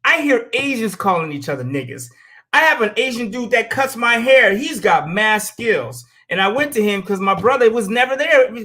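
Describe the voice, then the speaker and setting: Very high-pitched, brisk, and pushed and bright, the American show host's voice has lively intonation. He rants bluntly and profanely through an opinion monologue, acting out quotes as he tells stories.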